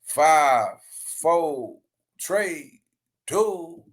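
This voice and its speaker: A young man hosting a rowdy reaction commentary show, shouting, laughing and dropping to mutters. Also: fairly high pitch, animated, extremely slow. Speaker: YouTube commentary host. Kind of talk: loud animated reaction commentary.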